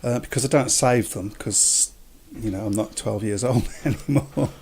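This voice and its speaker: A man's voice: lowish voice, normal speed, darkish tone, husky. A man hosting a casual podcast chat, rambling and often restarting his sentences. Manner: rambling, self-interrupting. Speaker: podcast host. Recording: faint background noise.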